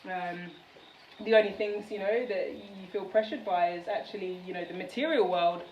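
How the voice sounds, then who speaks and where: A woman's voice: medium pitch, moderate pace, muffled recording, a little hiss or hum. A woman from the United Kingdom chatting casually in a cooking vlog from her home kitchen, rambling with many fillers. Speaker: vlogger. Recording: roomy kitchen, mic at a distance, faint background.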